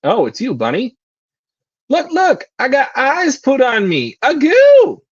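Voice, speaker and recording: A man voicing a bubbly, excitable young girl with a high, bouncy delivery while reading a manga aloud. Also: slow, husky, no room sound, muffled recording, full character voice. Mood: excited.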